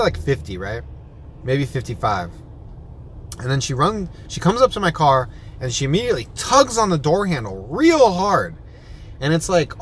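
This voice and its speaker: A man's voice: medium pitch, fairly bright tone. Everyday male rideshare vlogger, rambling storyteller, noisy phone recording with car sounds. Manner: rambling storytelling with many restarts. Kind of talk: casual chat. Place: in a car and at a sandwich shop.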